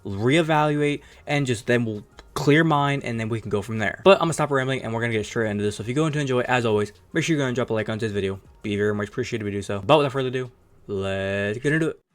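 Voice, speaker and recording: A man hosting his own sports channel, giving rambling, opinionated commentary in a casual tone and swearing now and then. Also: mid-range voice. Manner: fast rambling opinionated talk with some cursing.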